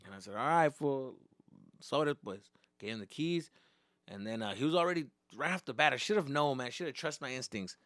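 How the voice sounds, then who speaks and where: A young man doing stand-up, telling a story in animated, profane bursts with Spanish slang mixed in. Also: mid-range voice, quick pace, dry recording, clean studio sound. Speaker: stand-up comedian. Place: comedy stage.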